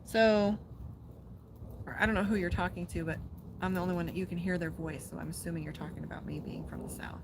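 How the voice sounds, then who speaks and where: A woman's voice: fairly low pitch, level tone, fairly quick, background noise. A woman from Las Vegas doing a casual live-streamed tarot reading outdoors by a pool. She is chatty and swears freely, and she breaks off to talk to her dog. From Las Vegas, USA. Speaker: tarot reader and psychic.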